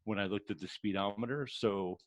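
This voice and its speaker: A middle-aged man co-hosting a sports podcast, chatting excitedly with casual slang. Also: on the low side, brisk, no room sound. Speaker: podcast co-host. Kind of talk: casual chat.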